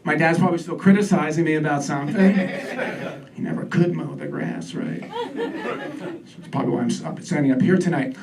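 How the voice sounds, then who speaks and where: A man's voice: on the high side, normal speed, creaky, long pauses. A man performing a stand-up set in a comedy club, sardonic and self-deprecating, who gets worked up as he rants. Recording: distant mic with a laughing crowd.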